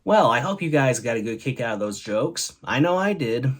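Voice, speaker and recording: A man's voice: medium pitch, big pitch swings, moderate pace, a little hiss or hum. A man hosting a comedy show, telling one joke after another in an upbeat way and leaning on the punchlines. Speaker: host.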